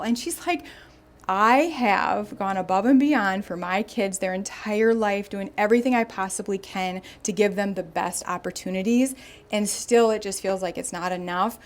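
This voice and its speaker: A young woman hosts a podcast in a casual, storytelling way. She is animated and chatty, and she slips into voices for the people she quotes. Her pitch is mid-range for a woman. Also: normal speed. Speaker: podcast host.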